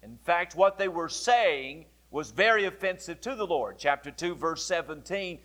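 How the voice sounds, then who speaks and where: Higher-pitched male pastor preaching. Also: animated, fairly bright tone. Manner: deliberate, explanatory preaching with repeated phrasing. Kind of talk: sermon.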